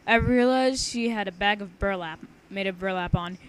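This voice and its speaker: Young woman, casual read-aloud, rambling, stumbles over words, mid-range pitch. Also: moderate pace. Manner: chatty, rambling, stumbles and restarts. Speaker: story reader.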